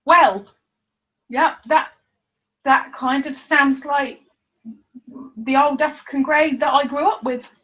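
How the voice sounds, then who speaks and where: A woman's voice: high-pitched, takes it slowly, pauses often, fairly bright tone, highs cut off. A woman hosting a casual live stream from her living room, chatting, reading viewer comments aloud and laughing often.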